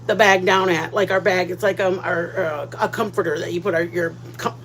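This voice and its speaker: A woman's voice: lowish voice, steady tone, a little fast, a bit bright, a little hiss or hum, rough recording. A woman hosting a casual cooking livestream, rambling and greeting viewers by name. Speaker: cooking channel host.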